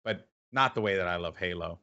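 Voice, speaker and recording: A man talking fast and loose as an interview guest, restarting sentences and piling on "like" as he tells a story. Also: low voice, lo-fi sound. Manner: animated, many restarts and "like". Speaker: esports caster guest. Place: home room with a clanking heater.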